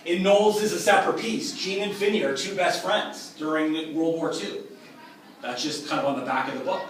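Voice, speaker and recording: A man teaching with an upbeat, emphatic delivery, his voice a little higher than most. He is recorded from some distance in a strongly echoing room, with faint ambience underneath. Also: moderate pace, a little hiss or hum. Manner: upbeat, emphatic, contrasts weak and strong examples. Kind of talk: explanatory lecture.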